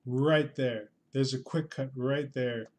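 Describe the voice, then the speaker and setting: A man's voice: medium pitch, steady tone, slow, noisy background. A man casually commenting on a livestream, with a dry and unimpressed manner, sighing and muttering as he reacts.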